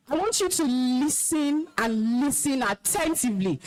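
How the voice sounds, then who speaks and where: A woman's voice: high-pitched, sing-song, moderate pace, few pauses, a little mellow, slight background noise. A young Nigerian woman, an alumna, gives a stern, emotional talk to schoolchildren, commanding and scolding them. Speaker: alumna speaker at school event. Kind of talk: stern address to students.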